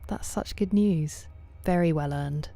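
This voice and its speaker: Woman streamer, low and warm, casual chat to viewers with frequent hushed asides. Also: a little slow, faint music behind. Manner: chatty, greets and answers chat by name, often drops to soft near-whispers. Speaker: game streamer. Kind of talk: casual live-stream chat while gaming.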